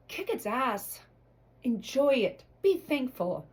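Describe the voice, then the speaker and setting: A woman's voice: high-pitched, big pitch swings, a little slow, a little mellow, rough recording. A middle-aged woman delivering a blunt, emotional motivational monologue to her followers, swearing freely. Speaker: motivational vlogger.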